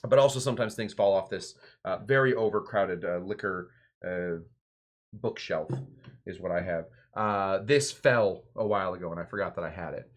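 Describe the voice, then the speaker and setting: A man's voice: sits low, moderate pace. A man hosting a home cocktail show, rambling and joking as he mixes and tastes drinks. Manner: rambling, joking, self-interrupting. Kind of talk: casual rambling cocktail demo.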